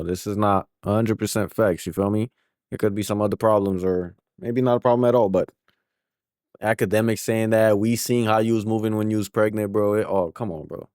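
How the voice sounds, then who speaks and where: A man's voice: on the low side, darkish tone, no echo, clean studio sound. A man giving casual reaction commentary, slangy and peppering his talk with "bro". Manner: slangy, says bro often.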